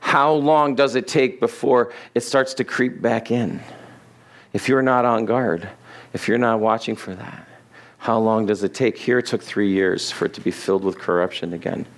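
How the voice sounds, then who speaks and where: In a church sanctuary, a middle-aged pastor with a lowish voice preaches an expository sermon at normal speed. His style is loose and conversational; he laughs at his own asides and acts out the people in the text.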